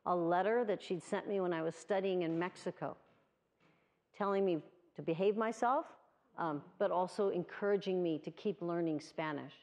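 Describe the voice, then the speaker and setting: A woman's voice: on the low side, normal speed, a little mellow. A woman in her sixties from the USA, giving an earnest prepared award speech and telling a personal story. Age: 60s. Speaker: award speaker.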